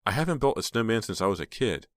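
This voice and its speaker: An excitable teenage girl from a spooky storybook, chattering high and bright, a man reading her part. She sounds eager and a little breathless, and the voice stays dry and close with no room around it. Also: fast talker, no echo.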